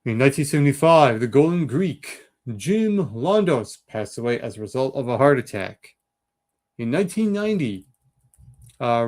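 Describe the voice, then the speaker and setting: A male show host running down an on-this-day list with a lively, up-and-down delivery and quick asides. Mid-pitched and animated. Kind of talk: reading an on-this-day segment.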